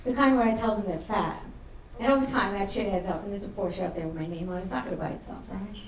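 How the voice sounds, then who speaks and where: A woman's voice: mid-range voice, fast talker, far from the mic, a little hiss or hum. Brash woman doing stand-up, roomy club. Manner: brash, crude deadpan punchlines. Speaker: stand-up comedian. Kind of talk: stand-up comedy set. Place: comedy club stage. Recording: roomy club sound from afar, audience laughter.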